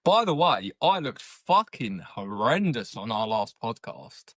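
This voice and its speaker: A man's voice: mid-range voice, sing-song, measured pace, no room sound, studio quality. A man who manages a sales team, co-hosting a casual podcast with an emphatic, sweary delivery. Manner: forceful, sweary, emphatic when making a point.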